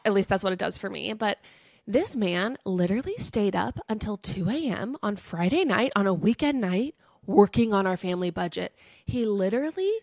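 A woman's voice: mid-range voice, animated, normal speed, no room sound. Congested woman podcast co-host, dry sound. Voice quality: nasal. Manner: chatty, self-deprecating. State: congested with a cold. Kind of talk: casual chat.

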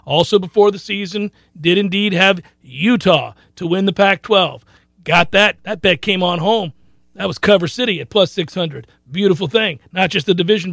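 A man's voice: high-pitched, moderate pace, fairly bright tone, no room sound. A man hosting a sports talk radio show, boastful and joking, rambling between bets and news.

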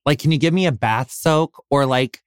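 A man's voice: medium pitch, moderate pace, clean tone, dry recording, studio quality. Gushing American man hosting a podcast. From United States. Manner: gushing, effusive, swears often, filler-heavy. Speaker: podcast host. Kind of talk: casual interview chat.

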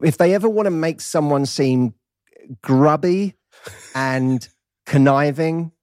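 A man's voice: a little high, takes it slowly, a little mellow, no echo, studio quality. A man in his thirties with an East London accent, chatting casually as a podcast guest and laughing between lines. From England. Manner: playful, laughs while talking. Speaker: guest, dating coach.

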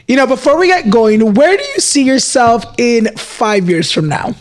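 A male podcast host with a notably high voice asks his guest questions in a gentle, encouraging way. He leans on lots of "you know" and "um" fillers as he wraps up the episode. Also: expressive, normal speed, slight background noise. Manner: gentle, filler-heavy, supportive. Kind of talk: casual podcast hosting.

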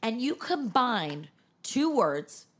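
A young adult woman hosting a casual podcast chat, earnest and enthusiastic, talking in quick bursts. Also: a little high, big pitch swings, fairly bright tone. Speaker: podcast host.

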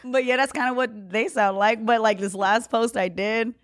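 A woman guest on a podcast, telling stories about her modeling career in a lively casual way, full of fillers. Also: a little high, normal speed, dry recording, studio quality. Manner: lively storyteller, many likes and fillers. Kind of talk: casual chat.

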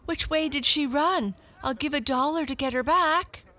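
A woman voicing a kind, worried lady who has lost her cat, calling out in a fretful, high voice. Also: moderate pace, sharp tone. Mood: anxious.

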